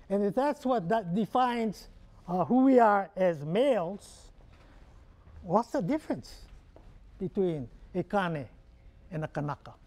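A man's voice: sits high, darkish tone. A man with a Hawaiian Pidgin accent giving a humorous keynote talk, joking and quizzing the audience with questions. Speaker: keynote speaker.

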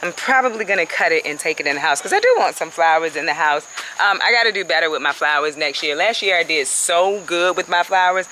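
A woman's voice: fairly low pitch, expressive, quick pace, bright, forceful tone, a little hiss or hum, low-quality recording. A woman chatting casually as she walks viewers through her backyard garden on a handheld phone, laughing often and calling them y'all. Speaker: home gardener vlogger. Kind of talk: casual garden walkthrough vlog.

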